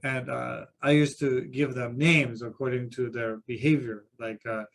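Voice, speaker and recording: A man's voice: medium pitch, little pitch movement, moderate pace, gravelly. A man who teaches Buddhism, sharing anecdotes with self-deprecating humor in a group discussion at a seminar.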